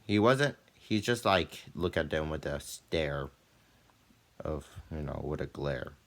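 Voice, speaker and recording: A teenage boy with a notably deep, low voice talks through his school day as a casual vlog. He rambles along, filling every gap with "like" and "you know", and lifts his pitch and volume whenever he retells a scene. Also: slow, gravelly. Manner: loose and chatty, full of "like" and "you know"; often animated, with jumps in pitch and volume when retelling. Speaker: student vlogger.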